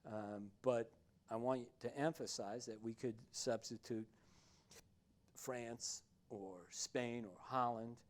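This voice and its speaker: Man, history lecturer, classroom lecture, mid-range pitch, halting, filler-heavy, emphatic on key words. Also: fairly even intonation.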